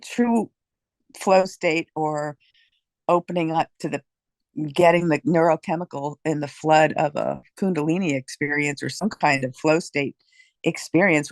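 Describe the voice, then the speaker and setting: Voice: medium pitch, no echo. A participant in a casual group discussion, talking in a rambling, loose way with many fillers.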